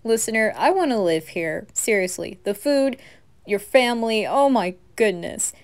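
A woman's voice: fairly high pitch, expressive, moderate pace, natural voice. A woman voicing a chatty, playful teenage boy who gushes over food in a whispered role-play.

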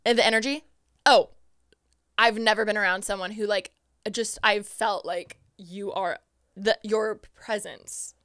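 A young woman guest on a podcast, telling an excited story in casual chat, full of fillers and acted-out quotes. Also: mid-range voice, measured pace, clean tone, no echo, clean studio sound.

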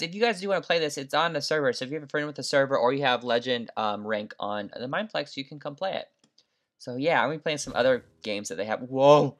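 Excitable young man narrating gameplay. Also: mid-range voice, normal speed. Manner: excitable, jumps between chatter, whispers and shrieks. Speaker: gaming video creator. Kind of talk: Minecraft let's play commentary.

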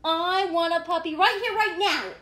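A woman voicing an eager, demanding little male pigeon in a picture book read-aloud, pleading and whiny with loud bursts. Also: high-pitched, very animated, slow pace, full character voice. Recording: echoey room.

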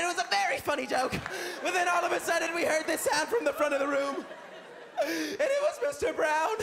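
A man's voice: very high voice, brisk, creaky, over a noisy crowd. A young American man doing a stand-up comedy set, acting out stories with big voices and screams. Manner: animated, acts out screaming kids and voices. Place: comedy club stage with live audience. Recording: live stage set with audience laughter and noise.

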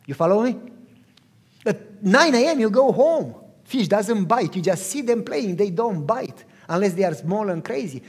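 A man's voice: high-pitched, moderate pace, husky. A man preaching a sermon as a pastor, telling stories and putting questions to his listeners. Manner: animated storyteller, asks the audience questions. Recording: long hall reverb.

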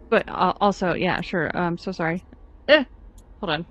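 A woman streaming a video game live, reacting with excitable commentary and frequent swearing and apologies. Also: on the low side, moderate pace.

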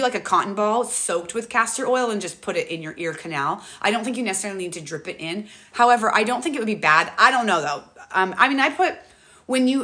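A middle-aged woman hosting a casual livestream on a tablet, talking quickly and jumping from one thought to the next. Her voice is bright and forward, and she gets emotional and animated as she restarts her sentences. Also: fairly high pitch. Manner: fast, rambling, restarts often. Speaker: livestream host. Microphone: tablet mic, close.

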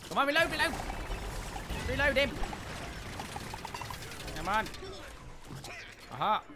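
A man giving excitable, chatty commentary as he livestreams a game, muttering sing-song to himself. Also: very high-pitched, slow, background noise. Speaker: gaming livestreamer. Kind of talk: live gameplay commentary. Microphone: desk mic, no headset. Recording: game sound clearly behind the voice.

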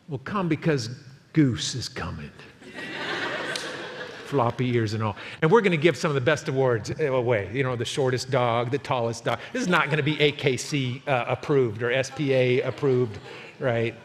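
A man in his sixties preaching a sermon as pastor, telling a story in an animated way and acting out the quotes. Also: medium pitch, moderate pace. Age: 60s. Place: church sanctuary. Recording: long hall reverb, faint noise.

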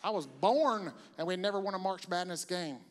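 A middle-aged man from South Carolina tells stories during a stand-up set, speaking expressively and a little fast. For his bits he leaps into loud, high-pitched voices. The live stage recording carries a long hall reverb.

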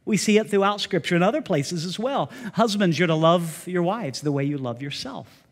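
A man's voice: high voice, lively intonation, normal speed, husky. A male pastor preaching a sermon, speaking directly to the congregation and often putting questions to them. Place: church sanctuary. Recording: long reverb of a church sanctuary.

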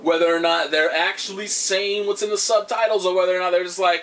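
A man's voice: high voice, a little fast, a bit bright. A young man giving casual, rambling commentary on a video game he is playing, joking and swearing as he goes. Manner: rambling, joking, profane, silly asides. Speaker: let's play commentator. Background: game music.

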